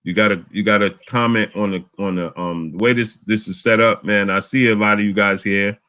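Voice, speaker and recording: A man hosting a casual live boxing chat, animated, often repeating words. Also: on the low side, fairly quick. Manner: animated, repeats words, reads super chats aloud. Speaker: boxing channel host.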